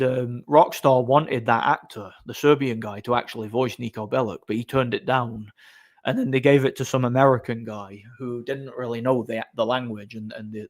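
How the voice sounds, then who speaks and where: A man hosting a casual livestream, rambling through stories with chuckles and frequent restarts. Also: mid-range voice. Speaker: livestream host.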